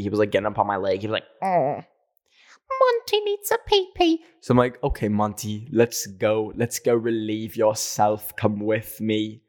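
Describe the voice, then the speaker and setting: Chatty young man telling stories. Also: fairly low pitch. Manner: animated, heavy use of "like", laughs often. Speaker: podcast host. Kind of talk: casual storytelling monologue.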